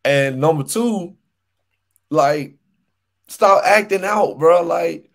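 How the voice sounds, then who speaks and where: A man's voice: on the high side, slow, vocal fry. A young man co-hosting a casual sports podcast, ranting animatedly and repeating his points for emphasis. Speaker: podcast co-host.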